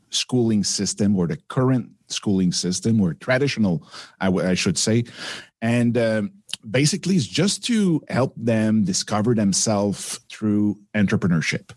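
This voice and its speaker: Quebec-French-accented man, low voice. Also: a little mellow, no room sound, studio quality. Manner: friendly, halting, with restarts. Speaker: guest entrepreneur. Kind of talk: casual interview chat.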